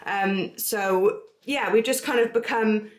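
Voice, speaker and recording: A woman's voice: medium pitch, slow. A young pregnant woman chatting casually to camera as she walks round her house, bubbly and giggly, now and then short of breath. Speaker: vlogger. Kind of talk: casual vlog chat. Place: home, walking between rooms. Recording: echoey house rooms.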